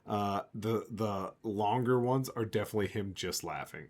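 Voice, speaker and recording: A man narrating a tabletop game as game master, lively and slipping into character voices. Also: lowish voice, moderate pace. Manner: animated, jumps into character voices.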